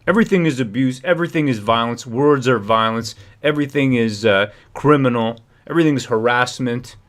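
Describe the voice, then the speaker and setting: Male streamer host, agitated rambling commentary, average pitch. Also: fairly quick, fairly bright tone. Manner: agitated, rambling, frequent restarts. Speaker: livestream host. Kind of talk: ranting livestream commentary.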